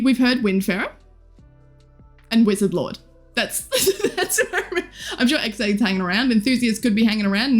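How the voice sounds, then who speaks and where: A young woman in her twenties, live streaming and chatting casually with viewers in a bubbly, giggly, teasing way. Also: a little high. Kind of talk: casual chat reading viewer comments.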